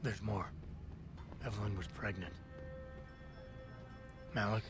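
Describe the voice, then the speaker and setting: A terse cyborg agent, low and flat. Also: male voice, slow pace, over loud music. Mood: level. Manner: terse and level.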